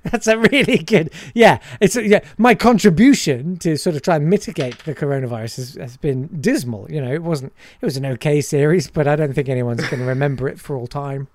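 A man's voice: on the high side, fairly quick, few pauses, no room sound. A man, a comedian and impressionist, chatting casually and self-deprecatingly in an interview.

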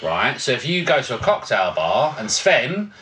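A man's voice: mid-range voice, normal speed. A man co-hosting a podcast, telling stories in casual, sweary chat and acting out what people said. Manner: swearing, animated storyteller who acts out quotes. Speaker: podcast co-host.

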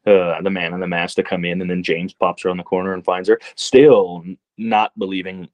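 Low-voiced man chatting about a film. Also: a little fast, no room sound. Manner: relaxed, rambling, many fillers. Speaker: podcast guest. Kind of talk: casual movie discussion.

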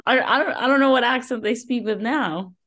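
A woman co-hosting a podcast, chatting casually about a book, joking and laughing a lot with deadpan asides. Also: on the high side, fairly quick. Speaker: podcast co-host. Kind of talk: casual book review chat.

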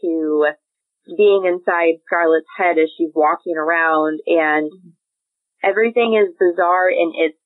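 A woman's voice: lowish voice, measured pace. A woman from Illinois co-hosting a podcast, talking through a book chapter in a chatty, analytical way and laughing easily. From Illinois, USA. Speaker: podcast co-host. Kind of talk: casual book discussion. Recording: tinny phone-like audio.

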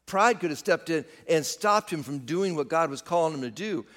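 A man's voice: on the high side, lively intonation, normal speed, a bit bright, big-room sound. A man preaching a sermon, speaking straight to his congregation and rising and falling for emphasis. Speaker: pastor.

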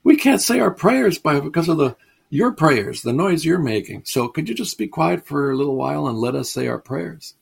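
A kindly medieval friar with a gravelly, husky voice, coaxing and affectionate as he pleads. A male lecturer puts him on while retelling a tale. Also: on the high side, lively intonation, normal speed, voice pushed up, exaggerated voice. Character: gentle, kindly medieval friar, a grown man.

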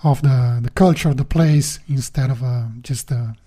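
Speaking with the host by video call, a male podcast guest sounds mellow and unhurried at a medium pitch. The casual conversation finds him hesitating often, repeating words while he searches for the right ones.

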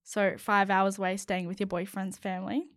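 A woman's voice: mid-range voice, flat delivery, normal speed, a bit bright, dry recording. Woman, twenties, podcast co-host, giggly storytelling, dry close sound. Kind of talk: casual chat, reading listener stories aloud.

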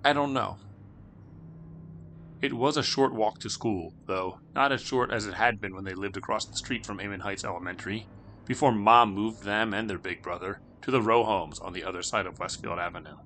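A man's voice: fairly low pitch, sharp tone, a little hiss or hum. A man narrating a spooky children's story with dramatic, shifting delivery.

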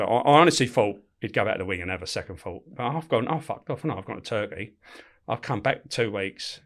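A middle-aged man, a former prison officer telling prison stories in casual chat, swearing freely and acting out the dialogue. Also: medium pitch. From England. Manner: swears constantly, animated, laughs while telling. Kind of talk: casual storytelling with acted-out dialogue.

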